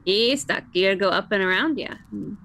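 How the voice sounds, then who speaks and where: A woman's voice: mid-range voice, animated, brisk, creaky, a bit bright, a little hiss or hum. Giggly woman chatting over a game. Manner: giggly, playful storytelling. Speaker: streamer playing a game. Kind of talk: casual chat.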